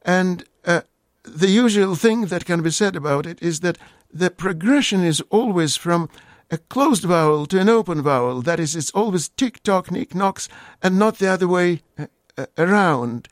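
A man's voice: high-pitched, expressive, moderate pace, no echo, studio quality. A man, a guest linguist on a radio call-in show, explaining word origins in a hesitant, lecturing way with many fillers.

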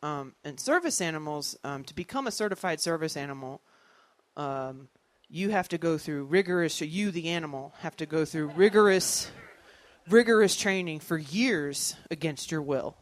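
Stand-up comedian, thirties, animated storyteller who acts out other voices. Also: mid-range voice, moderate pace, dry recording.

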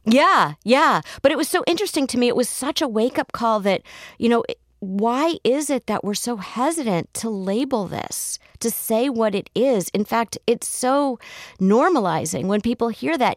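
A middle-aged woman therapist telling stories in a casual interview, animated and laughing as she acts out quotes. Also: a little high, moderate pace, no echo, studio quality. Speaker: guest, therapist.

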